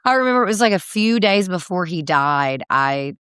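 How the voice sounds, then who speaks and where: Woman in her thirties, candid interview guest, heartfelt storytelling, fillers and laughs, fairly low voice, dry close mic. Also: expressive, normal speed, fairly bright tone, smooth, no echo. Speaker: guest, country singer.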